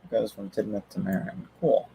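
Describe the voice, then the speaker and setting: A man's voice: on the low side, brisk, creaky, mellow, a little hiss or hum, poor audio. A man chatting casually on a livestream, rambling with lots of fillers and restarts. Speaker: streamer.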